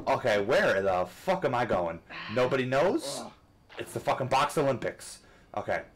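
A man commentating a rage-inducing game, swearing constantly and switching between frustrated outbursts and coaching himself to calm down. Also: medium pitch, normal speed, slight background noise. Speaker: gamer. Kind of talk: let's play commentary.

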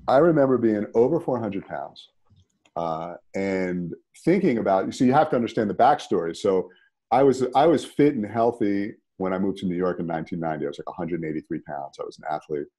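A man, a podcast guest telling a personal story in a conversational, animated way. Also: sits low, brisk. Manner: animated, rises sharply when emphatic.

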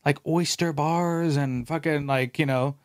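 A fairly high-voiced man hosting a podcast who tells rambling, animated stories and swears freely. He calls everyone bro and dude and slips into quoted voices as he talks. The sound is dry and close, with no room echo. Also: measured pace, smooth. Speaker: podcast host. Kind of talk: casual storytelling chat.

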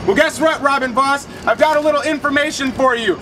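A man's voice: very high-pitched, fairly quick, few pauses, sharp tone, a faint crowd, a little hiss or hum, poor audio. A worked-up man confronting someone in a building hallway, firing off demanding, repetitive rhetorical questions into a handheld camera. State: agitated, worked up. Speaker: citizen confronting a legislator. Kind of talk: loud confrontational ambush. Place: indoor government building hallway.

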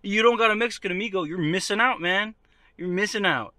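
A male comedian telling a story straight to the viewer in an animated, conversational comedy monologue. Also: high-pitched, a little fast, no room sound.

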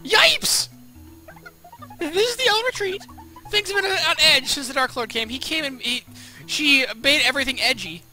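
Guy doing a high jittery guard cat, grumpy, tells you to beat it. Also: normal speed, bright, forceful tone, soft background music, exaggerated voice, rough recording. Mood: jumpy. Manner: startled, shooing strangers off.

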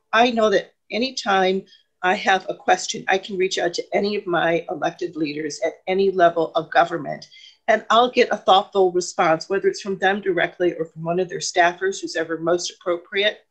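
A woman's voice: on the low side, fairly even intonation, moderate pace. A woman party member asking a question on a video call, emotional and hesitant, rambling with many ums and restarts. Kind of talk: question in an online meeting.

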